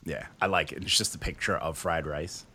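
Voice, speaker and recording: A man's voice: extremely low pitch, steady tone, a little fast, bright, forceful tone, slightly rough. A man hosting a casual talk show, reviewing music in a loose, joking way with plenty of swearing. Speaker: podcast host reviewing music. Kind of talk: casual chat.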